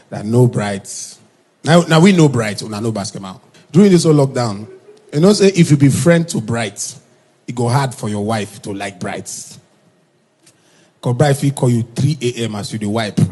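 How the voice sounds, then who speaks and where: Husky Nigerian Pidgin comedian storyteller. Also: male voice. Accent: Nigerian Pidgin English. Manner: switches into high shouted quoted voices. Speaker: stand-up comedian. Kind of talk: comic storytelling monologue.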